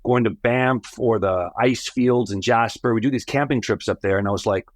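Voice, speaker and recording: A middle-aged American man, a company founder, telling his family story as a podcast guest, animated, acting out the voices he quotes. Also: medium pitch, moderate pace, no echo. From United States. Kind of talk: storytelling in an interview.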